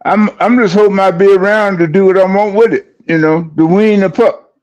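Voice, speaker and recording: An older man in casual chat, gruff and swearing, with halting restarts. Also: high-pitched, steady tone, darkish tone.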